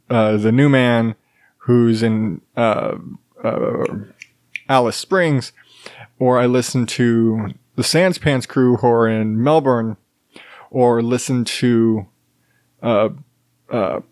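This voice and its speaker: A man's voice: medium pitch, a little mellow, no echo, clean studio sound. A man hosting a podcast alone, rambling in casual chat with many fillers and restarts and chuckling now and then. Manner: chuckles while talking. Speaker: podcast host. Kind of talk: solo casual monologue.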